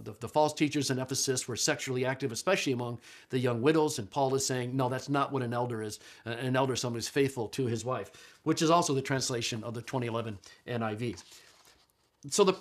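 A man with a mid-range voice delivers a relaxed classroom lecture. He thinks out loud, restarts phrases often, and leans hard on quoted lines, drawing them out for emphasis. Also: mid-range voice. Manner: conversational, thinks aloud with many restarts and fillers; slows and stresses quoted verses. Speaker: lecturer on Bible translation.

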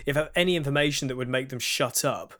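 A man's voice: mid-range voice, quick pace, fairly bright tone. Casual man co-hosting a podcast. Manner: conversational, reads out listener questions. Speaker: podcast co-host. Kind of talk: casual chat.

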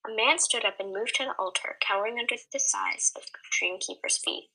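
A woman co-hosting a podcast, reading a fantasy story aloud in a steady, measured way. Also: fairly high pitch, slightly rough, poor audio. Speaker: podcast co-host and story reader.

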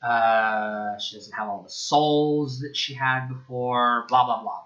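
A man talks through a film review in a loose, rambling way, sarcastic and quick to swear. His voice is bright and forceful. The recording sounds dull and lo-fi. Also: mid-range voice, fairly even intonation. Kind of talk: casual spoken review.

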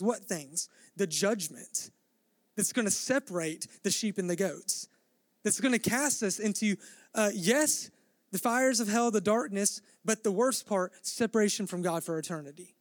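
A man's voice: high voice, no room sound, clean studio sound. A male pastor preaching a midweek sermon, earnest and building in intensity, acting out the dialogue of scripture scenes.

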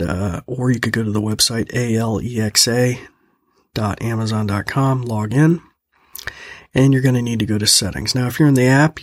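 Husky-voiced man hosting a casual tutorial. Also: medium pitch, no room sound, studio quality. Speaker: host of a tech training program.

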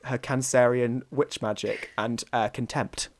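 A man's voice: medium pitch, fairly even intonation, measured pace. Giggly, crude male podcast co-host. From North East England. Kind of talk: casual comedic chat.

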